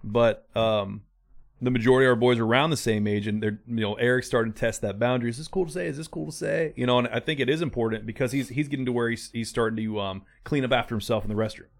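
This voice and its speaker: A man's voice: medium pitch, steady tone, fast. A man in his thirties co-hosting a podcast, talking in a rambling, casual way about his kids. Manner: rambling, acts out his kids' voices. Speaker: podcast co-host. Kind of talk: casual chat.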